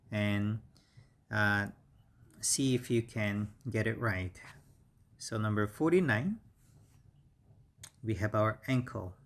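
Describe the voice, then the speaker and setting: A man with a Korean accent teaching English vocabulary, repeating each word slowly and carefully with frequent pauses and fillers. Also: on the low side, fairly bright tone. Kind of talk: slow vocabulary lesson.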